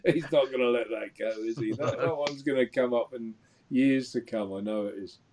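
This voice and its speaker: A man hosting a casual livestream chat, jokey and quick to laugh. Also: mid-range voice, crowd noise. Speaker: livestream host. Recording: noisy home stream audio.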